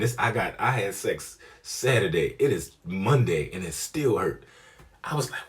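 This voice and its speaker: A young man telling a comic story, profane and animated, acting out the people he quotes. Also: medium pitch, a little fast. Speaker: comedian. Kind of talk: storytelling comedy.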